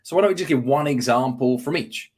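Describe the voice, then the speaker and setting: A man's voice: medium pitch, fairly quick, a little mellow, breathy edge. A man explaining persuasion techniques in an interview, confidently acting out sample phrases as he teaches. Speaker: guest speaker on persuasion.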